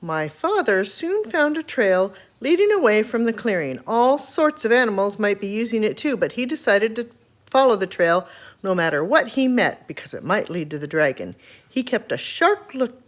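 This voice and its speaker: An older woman reading a children's chapter book aloud, her voice rising and falling with lively expression. She tells the story with gentle, animated storytelling. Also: medium pitch, moderate pace.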